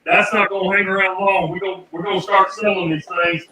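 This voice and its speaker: A man hosting a live radio auction, calling out bids loudly and joking with callers. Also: high-pitched, brisk, echoey room, slight background noise, low-quality recording. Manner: energetic, loud, joking.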